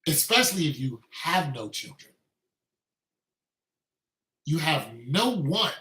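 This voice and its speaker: Male commentator, emphatic repetitive ranter, bright pushed voice, echoey recording. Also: a little high, big pitch swings, slow pace. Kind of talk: opinionated monologue.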